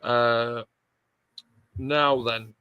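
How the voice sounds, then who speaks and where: A chatty man hosts a casual livestream and reads out viewer comments. His voice is bright and forward, and he sounds close and dry. He keeps a middle pitch and an easy, joking manner. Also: fairly even intonation, drawn-out words, clean tone, dry recording, dull audio. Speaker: host.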